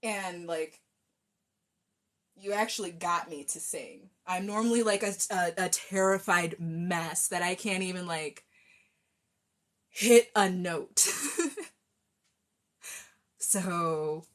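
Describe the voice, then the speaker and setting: A woman's voice: fairly low pitch, slow pace, long pauses. A young adult woman chatting casually with viewers on a live stream from her phone, rambling and effusive.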